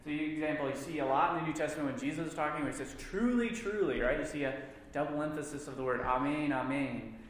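A man's voice: a little high, steady tone, fast talker, fairly bright tone, a little hiss or hum. A man teaching a church Bible class, stressing points by repeating words. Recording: echoey room with long reverb.

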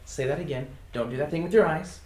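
A man's voice: a little high, fast talker, a little mellow. A man teaching a casual class, reading example phrases aloud and chuckling often. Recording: echoey room with faint noise.

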